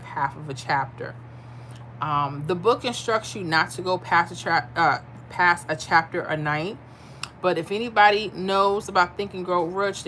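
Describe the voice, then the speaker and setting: A woman chats with her viewers on a live stream, reading and answering their comments. She sounds tired but candid, and her voice sits slightly low. Faint room noise hums behind her. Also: fairly bright tone. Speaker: livestream host reading chat. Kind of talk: casual livestream chat.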